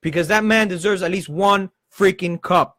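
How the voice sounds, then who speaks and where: A man hosting a live football show, ranting with passion and swearing, in fast heated bursts. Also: sits high, a bit bright, no room sound. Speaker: football channel host. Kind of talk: passionate live-stream rant.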